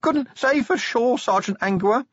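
A man voicing a terrified young male watchman with a squeaky, strained, cowed voice. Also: measured pace, a bit bright, dry recording, lo-fi sound, full character voice.

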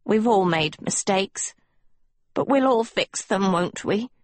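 A woman voicing a proud, guarded teenage villain girl in an audiobook, with a low, quiet, measured delivery. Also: lively intonation, no room sound. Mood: tearful. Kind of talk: audiobook character voice.

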